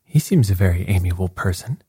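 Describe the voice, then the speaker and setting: A man voicing a calm, blandly ironic detective who speaks quietly, with a husky voice. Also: low-pitched, a little fast, no room sound, clean studio sound, exaggerated voice. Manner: quiet and unruffled.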